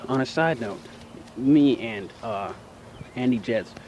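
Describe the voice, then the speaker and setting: Profane, animated teenage boy ranting. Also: mid-range voice, takes it slowly, noisy background. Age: teens. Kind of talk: casual storytelling.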